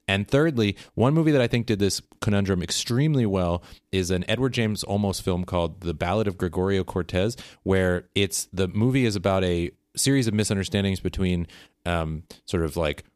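A man co-hosting a casual chat, animated and quick, tripping over his words as he rushes to make his points. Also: low voice, no room sound, clean studio sound. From United States. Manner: animated, talks fast with laughs and restarts. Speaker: podcast co-host.

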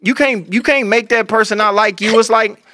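A young man co-hosting a casual chat, telling loud, animated stories full of crude slang. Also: high voice, normal speed, dry recording. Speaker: podcast co-host.

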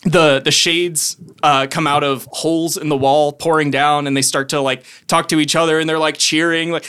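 A man's voice: on the high side, little pitch movement, moderate pace, few pauses, fairly bright tone, smooth, no echo. A man narrating as game master of a tabletop game, rambling with fillers. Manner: rambling with fillers, laughs often.

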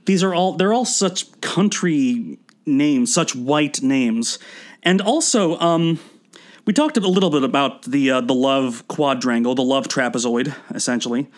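A man co-hosting a casual podcast, talking through a film in a wry, rambling way. His voice sits at an ordinary middle pitch for a man. He pauses often with little fillers. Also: lively intonation. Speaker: podcast co-host.

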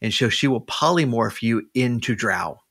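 A man's voice: medium pitch, expressive, normal speed, fairly bright tone. A man, a podcast guest, chatting casually and retelling a story, with many restarts and fillers. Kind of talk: casual chat.

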